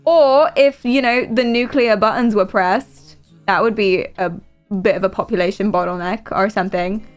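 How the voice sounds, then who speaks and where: A woman's voice: mid-range voice, moderate pace, soft background music. A British woman streaming, chatting casually in a rambling, giggly and playful way. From Britain. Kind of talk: casual live-stream chat.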